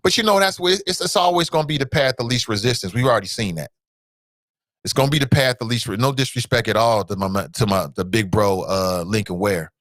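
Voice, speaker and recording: A man hosting a talk show in a casual, animated way, swinging his pitch up and down. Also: brisk, no echo, studio quality.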